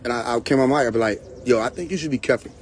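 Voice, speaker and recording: Speaking very fast at medium pitch, a man hosts a live stream where he casually tells comic stories, playing both roles in the dialogue and laughing often. The phone recording carries a little hiss or hum.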